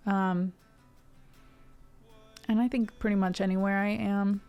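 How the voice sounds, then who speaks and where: A woman's voice: medium pitch, flat delivery, unhurried, a little mellow, clear, resonant tone, soft background music. A woman in her twenties with a neutral American accent, chatting to a live stream audience in a rambling way, full of tangents and fillers. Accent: neutral General American. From Ohio, USA. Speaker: music streamer. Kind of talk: casual chat to a live stream.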